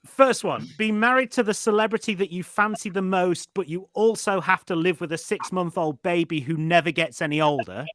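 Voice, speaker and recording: A man hosts a podcast in a dry, close-miked sound with a slightly high voice. He sets up game questions playfully and talks casually with his co-hosts. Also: brisk, hardly any pauses, a bit bright, dry recording. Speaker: podcast host.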